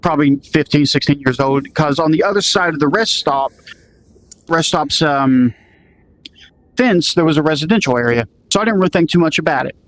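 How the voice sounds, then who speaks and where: The audio is poor, and the man's fairly high voice sounds a bit bright at a normal speed. Telling a story casually, he performs the quoted dialogue, filling it with "I'm like" and "he goes."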